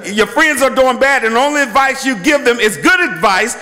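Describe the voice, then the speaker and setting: A man preaching a sermon as bishop and pastor in a church, emphatic and repetitive, breaking into shouts. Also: very high-pitched, lively intonation, fairly quick. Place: church sanctuary. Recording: long hall reverb from a church.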